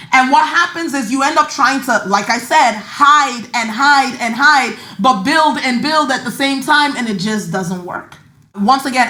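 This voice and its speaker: A woman's voice: high-pitched, bright, forceful tone, echoey room. A woman with a slight Nigerian accent hosting a podcast, giving an emphatic, chatty motivational talk about money and mindset. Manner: emphatic, chatty, repeats words for stress. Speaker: podcast host and finance coach.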